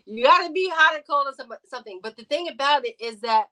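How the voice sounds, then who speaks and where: A woman guest on a podcast, talking in a casual debate with an animated, emphatic delivery and loud outbursts. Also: sits high, fast, poor audio. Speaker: podcast guest, radio show host.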